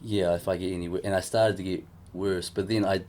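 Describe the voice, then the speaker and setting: A man's voice: sits low, fairly even intonation, a little fast, a little mellow, a little hiss or hum. A man co-hosting a podcast, telling a story in a rambling, frank way, full of "like" and "you know" and casual swearing. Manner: rambling, filler-heavy storytelling. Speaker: podcast co-host.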